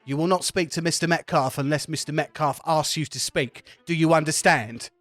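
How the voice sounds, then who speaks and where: A man's voice: fairly high pitch, fairly even intonation, normal speed, a bit bright, dry recording, faint music behind, pitched above the performer's own voice, close to an everyday voice. A man voicing a stern male naval officer who gives clipped, threatening orders.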